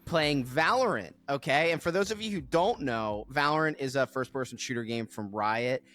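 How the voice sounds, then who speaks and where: A man's voice: medium pitch, moderate pace, a bit bright. A man co-hosting a podcast in casual chat, often laughing through his sentences with a sarcastic edge. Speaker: podcast co-host.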